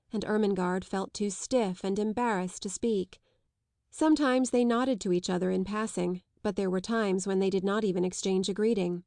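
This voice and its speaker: Female narrator for a classic novel, even and measured, dry close recording. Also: medium pitch, no echo. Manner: measured, even literary reading. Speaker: audiobook narrator.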